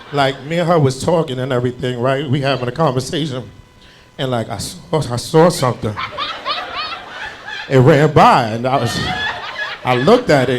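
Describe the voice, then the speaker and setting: A young stand-up comedian from New Jersey with a high voice performs on a club stage into a handheld mic. He tells animated stories and swings into loud, shouted bits. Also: noisy background.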